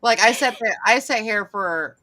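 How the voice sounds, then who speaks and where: A woman's voice: on the high side, normal speed, pushed and bright. A woman in her forties with a Southern US accent, hosting a live online chat from home, talking chattily and laughing often. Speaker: live show host. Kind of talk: casual chat.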